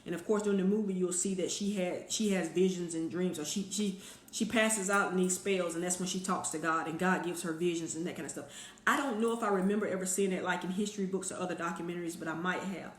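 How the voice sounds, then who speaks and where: A woman hosting a weekly motivational live stream, speaking straight to her viewers in an energetic, conversational way. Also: on the low side, fast, reverberant.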